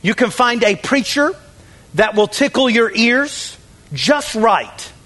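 A man preaching a sermon with emphatic delivery, swinging from raised calls to hushed, whispered asides as he acts out excuses. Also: very high voice, expressive, takes it slowly. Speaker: pastor.

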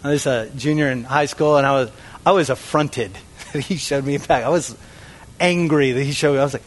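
A man preaching a sermon with emphatic delivery, swinging from raised calls to hushed, whispered asides as he acts out excuses. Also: medium pitch, brisk. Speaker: pastor.

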